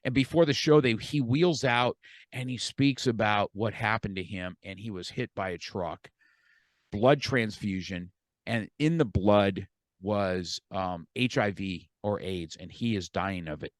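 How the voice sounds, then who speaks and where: A man's voice: fairly low pitch, measured pace, dry recording. A middle-aged man who is a podcast guest, telling a story animatedly, repeating words and quoting himself and others.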